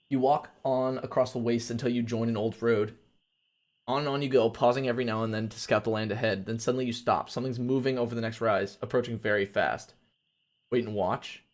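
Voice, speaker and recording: Casual crude-talking male streamer. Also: medium pitch. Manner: casual and crude, reads narration then chats. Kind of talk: reading a gamebook aloud on a live stream.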